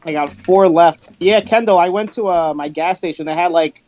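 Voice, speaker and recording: A man joining a live podcast stream as a guest, chatting in a loose, chatty way over drinks. His voice sits high for a man. He rambles casually and easily. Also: normal speed, darkish tone, highs cut off.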